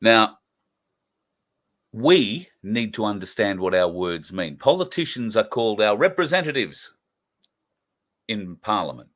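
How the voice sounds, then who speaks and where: A man's voice: fairly low pitch, a bit bright. A middle-aged man with an Australian accent hosting an earnest political commentary show, talking emphatically with frequent fillers. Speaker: host.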